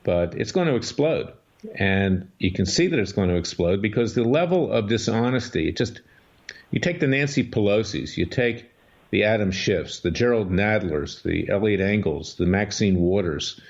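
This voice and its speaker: A man's voice: fairly low pitch, animated, normal speed. A man hosting a political talk radio show and speaking as a lawyer, with an emphatic, scornful, combative delivery. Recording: dull lo-fi radio audio.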